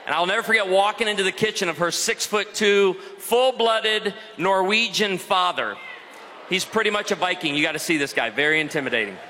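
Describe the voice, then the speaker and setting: A man's voice: sits high, a little fast. A man giving a humorous sermon to a live audience, telling stories with lots of energy. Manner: energetic, joking storyteller. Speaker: guest speaker. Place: large university auditorium. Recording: long hall reverb, faint noise.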